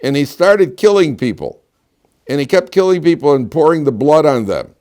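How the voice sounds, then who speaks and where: A middle-aged rabbi giving a lively classroom lecture, telling stories and quizzing his students. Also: fairly quick. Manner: animated storyteller, swings between loud emphatic peaks and low asides, quizzes students.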